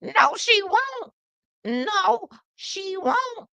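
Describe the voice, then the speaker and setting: A woman putting on the voice of an elderly woman lawmaker, high and squeaky like a cartoon grandmother, speaking in slow, drawn-out, stately phrases. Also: big pitch swings, creaky, pushed and bright, no room sound, exaggerated voice, rough recording. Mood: haughty.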